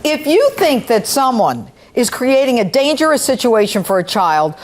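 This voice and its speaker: A woman's voice: on the high side, sing-song, a little hiss or hum. A woman presiding as a TV court judge, questioning sharply and scolding the litigants. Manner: stern, scolding, rapid cross-examining. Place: TV courtroom set.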